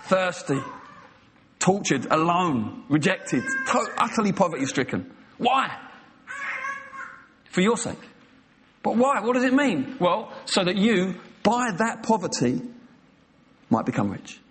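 Impassioned male preacher, slightly high voice. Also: sing-song, slow, pauses often, fairly bright tone, a little hiss or hum. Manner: impassioned, emphatic, acting out scenes in quoted voices. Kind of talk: sermon.

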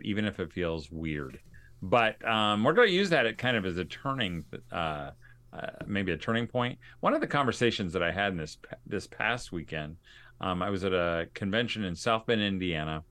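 Low-voiced man hosting a podcast. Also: a bit bright. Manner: earnest, conversational storytelling. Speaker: podcast host. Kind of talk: casual podcast monologue.

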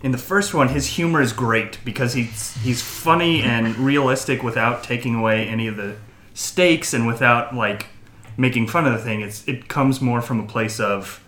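A man's voice: mid-range voice, moderate pace, a bit bright. Rambling male podcaster, echoey room. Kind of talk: casual movie discussion. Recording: roomy echo with faint background hum.

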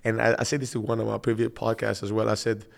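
A young man hosting a podcast, chatting in an animated, joking way and teasing his guest. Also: fairly low pitch, fast, vocal fry. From Greece. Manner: animated, jokey, playful teasing. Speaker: podcast host. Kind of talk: casual conversation.

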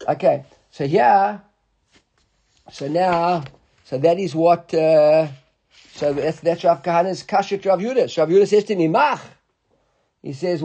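Animated high-voiced man teaching Talmud. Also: a little slow, pauses often, husky. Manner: animated, stumbling restarts, mixes Hebrew and Aramaic terms. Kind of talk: daily Gemara class.

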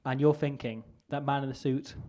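A man on stage doing a stand-up parody of a politician, awkward and self-deprecating, with halting restarts. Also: mid-range voice, fairly even intonation, darkish tone, slight background noise. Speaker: comedian in a mock political speech. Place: stage before a live audience.

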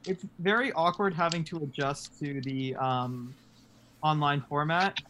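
A man's voice: on the high side, a little slow, pushed and bright. A teenage boy hosting a casual podcast, asking hesitant questions full of fillers. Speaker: podcast host. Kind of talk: casual chat. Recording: noisy video call audio.

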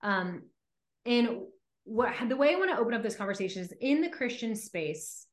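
A chatty woman hosting a podcast, her voice sitting a little high for a woman. She leans on filler "like"s and breaks into little acted-out examples. The recording carries a roomy echo. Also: very animated. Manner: chatty, many filler 'like's, acts out quick examples. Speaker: podcast host. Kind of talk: casual podcast chat.

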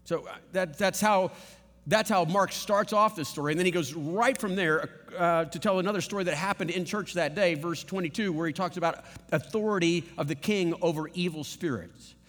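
A man preaching a sermon with a slightly high voice, animated and conversational, throwing rhetorical questions at his listeners. His voice carries a long reverb from a large sanctuary. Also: normal speed. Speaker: pastor.

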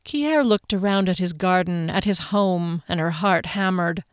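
A woman narrating a novel in an even, measured storytelling manner. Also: fairly low pitch, clean tone, dry recording, studio quality. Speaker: audiobook narrator. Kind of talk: scripted narration.

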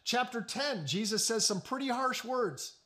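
A male pastor preaching a sermon in a high voice that swings widely in pitch. He leans into slow, hushed emphasis, then breaks into quick joking asides. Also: expressive.

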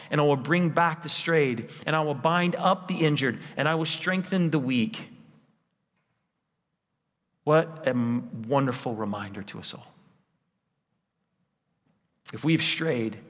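A pastor preaches a sermon in a church sanctuary, his voice a little high and somewhat bright. He pleads earnestly, returning again and again to rhetorical lists. The church hall gives the recording a long reverb.

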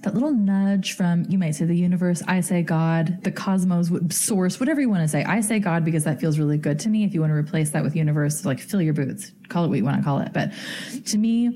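A woman's voice: lowish voice, a little fast, mellow. A woman hosting a podcast, telling a story in a giddy, chatty way full of fillers. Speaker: podcast host.

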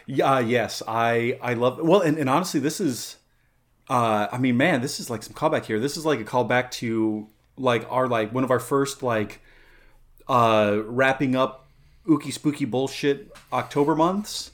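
A man's voice: mid-range voice, measured pace. A man playing in a comedic tabletop game on a podcast, talking in a rambling, hesitant way with many fillers. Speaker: player. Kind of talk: casual podcast chat and role-play.

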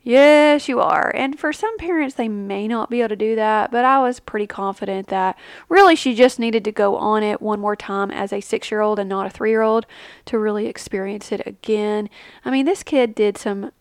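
A woman in her thirties talks casually through a family vlog, chatty and animated, with a mid-range voice. She leaps up in pitch when she acts out what others said. The sound is dry and close, with no room around it. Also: normal speed, clean tone, no room sound. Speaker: family travel vlogger, mother. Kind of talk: casual vlog chat with tips.

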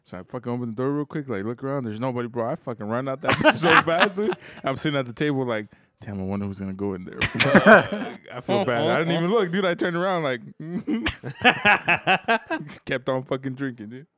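A man tells a story on a podcast in a slangy, profane, easygoing way. His voice sits at an ordinary pitch and sounds dry, with almost no room around it. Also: animated, normal speed, bright, forceful tone, no room sound. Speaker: podcast co-host. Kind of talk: casual storytelling chat.

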